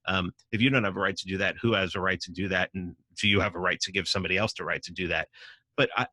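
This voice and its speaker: A man argues his case as a podcast guest, emphatic, and he swears freely. His voice sits fairly low but sounds bright and forceful. The recording is dry and close, with no room sound. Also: fairly even intonation, quick pace, dry recording. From New York City. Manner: emphatic, profane, acts out quoted voices. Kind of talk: casual conversational argument.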